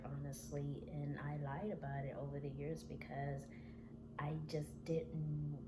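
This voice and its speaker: A woman vlogger telling a personal story in an earnest, halting, confessional way. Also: sits low, reverberant, noisy background.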